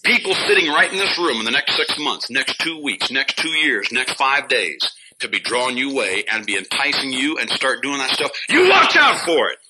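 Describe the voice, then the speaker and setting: A pastor preaching a fiery sermon in a church, scolding his listeners and bursting out loud now and then between chuckles. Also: mid-range voice, animated, moderate pace, few pauses. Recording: noisy old sermon recording.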